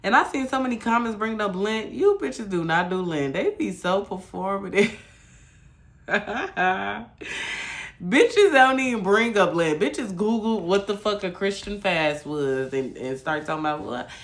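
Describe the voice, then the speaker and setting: Profane ranting woman, gravelly voice. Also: mid-range voice, lively intonation, unhurried. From Michigan. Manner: blunt, profane ranting to viewers. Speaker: livestream host. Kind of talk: casual livestream chat.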